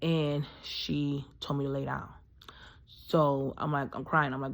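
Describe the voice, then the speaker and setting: A woman's voice: a bass voice, little pitch movement, unhurried, vocal fry. A woman in her thirties telling a personal story in a casual, rambling way, full of fillers and emphatic asides. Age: 30s.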